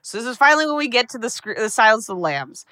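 A woman podcast host races through a film recap, swearing freely. Her voice is fairly high and very bright. It is recorded close and dry, with no room sound. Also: lively intonation, no room sound. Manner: rapid, profane, breathless storytelling.

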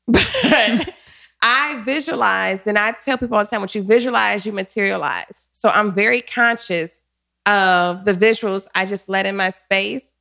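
A woman shares a story from her own life in relaxed conversation. Her voice sits in a middle register with a noticeable gravelly fry. She is animated and laughs often as she tells it. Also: medium pitch, a little slow. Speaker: guest telling a personal story. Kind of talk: casual storytelling chat.

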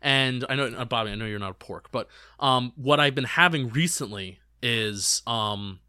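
A man with a bright, forceful voice chats on a podcast, recorded close and dry. He often stumbles over his first words before finding his point. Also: mid-range voice, clean tone, dry recording. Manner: halting starts and repeated words. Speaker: podcast co-host. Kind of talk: casual chat.

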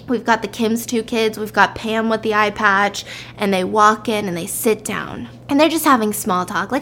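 A woman casually telling a story in a chatty, lively way. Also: medium pitch, moderate pace. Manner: chatty, lively, jumps into character voices.

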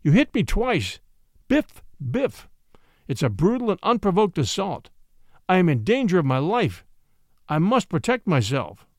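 A man voicing a gleeful, scheming middle-aged gentleman who protests with theatrical mock indignation. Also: sits high, wildly swooping pitch, unhurried, no room sound, studio quality, heavily acted. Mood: smug.

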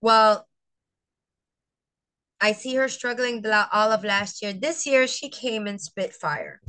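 A woman's voice: mid-range voice, slow pace. A middle-aged woman, a veteran teacher, telling an emotional personal story as a guest and acting out what her students said. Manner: animated, acts out quotes, tearful at times.

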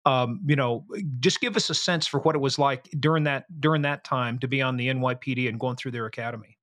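A man's voice: medium pitch, steady tone, fairly quick, fairly bright tone, no room sound, studio quality. A man hosting a podcast, steering the talk with curious questions. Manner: steering, inquisitive. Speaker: podcast host. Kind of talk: interviewing.

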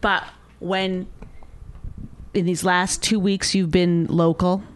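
A woman co-hosting with her husband, arguing back in a measured, pointed way. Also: fairly low pitch, flat delivery. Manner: measured and pointed, often trails off. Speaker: co-host, the host's wife. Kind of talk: casual couple argument on a podcast.

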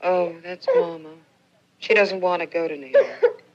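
A woman's voice: on the low side, wildly swooping pitch, measured pace, gravelly, a little mellow, highs cut off, exaggerated voice. An actress playing a clingy, lovesick woman who pleads anxiously, from a noisy old film soundtrack.

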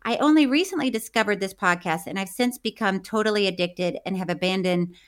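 A woman's voice: medium pitch, fairly quick, clean tone. A woman co-hosting a podcast, chatting casually, laughing often and reading listener letters aloud. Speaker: podcast co-host. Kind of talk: casual chat.

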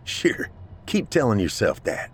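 A scornful, cowardly male army captain in a horror audio story, put on by a man. His voice is low and drawn out. Every line drips with sneering contempt. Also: huge pitch swings, measured pace, husky, heavily acted.

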